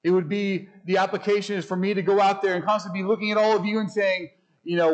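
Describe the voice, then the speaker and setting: A man preaching a sermon as pastor, speaking emphatically, asking rhetorical questions and slowing down to read scripture. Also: high-pitched, lo-fi sound. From United States.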